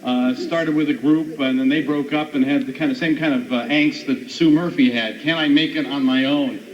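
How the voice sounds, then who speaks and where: A man's voice: mid-range voice, fairly even intonation, moderate pace. A man hosting a comedy show, introducing comedians with enthusiastic emcee patter. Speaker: show host. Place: outdoor stage. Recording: muffled live recording with background noise.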